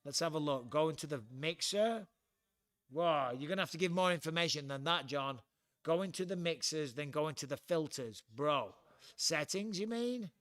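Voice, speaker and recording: Chatty English man, slightly high voice. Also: lively intonation, moderate pace, a bit bright, no echo. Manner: chatty, blunt, swears freely. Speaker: livestream host. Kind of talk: casual livestream chat. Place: at home.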